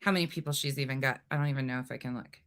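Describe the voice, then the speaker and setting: A woman's voice: very deep voice, fairly even intonation, very fast, a bit bright. A woman hosting a livestream, ranting angrily and profanely at a rival and taunting her. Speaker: livestream host. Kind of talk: heated livestream rant.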